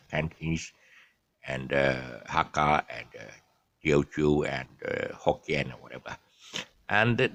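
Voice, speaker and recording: Deep gravelly older Malaysian man. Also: fairly bright tone, dry recording. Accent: Malaysian English. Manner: rambling, many "uh" pauses, chuckles. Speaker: vlogger. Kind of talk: casual storytelling monologue.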